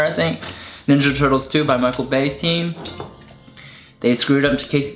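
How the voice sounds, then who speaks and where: A young man talks through his childhood toys in a loose, rambling way, with plenty of fillers. His voice sits at an ordinary middle pitch. The room has a noticeable echo, and soft music plays underneath. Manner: rambling and enthusiastic, full of "like" fillers. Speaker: online video creator. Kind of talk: casual chat showing toys. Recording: echoey room with faint music.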